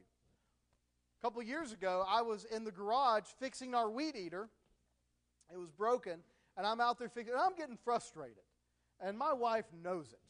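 High-voiced man preaching a conversational sermon. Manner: conversational, illustrating with personal stories. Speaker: pastor.

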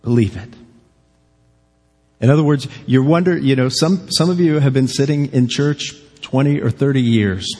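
A man's voice: medium pitch, moderate pace, few pauses, warm tone. A male pastor preaching a sermon in a church, earnest and pressing his listeners with repeated direct questions. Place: church sanctuary. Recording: long reverb of a church hall.

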